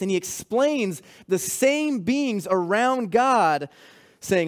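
Guy with a high voice preaching a sermon, calling out to the congregation. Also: expressive, takes it slowly. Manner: preaching with rising intensity, calls to the congregation. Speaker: pastor.

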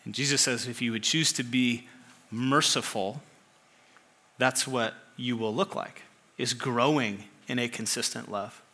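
Bright-voiced man preaching conversationally. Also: medium pitch, unhurried. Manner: conversational preaching with rhetorical questions. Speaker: pastor. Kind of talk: sermon.

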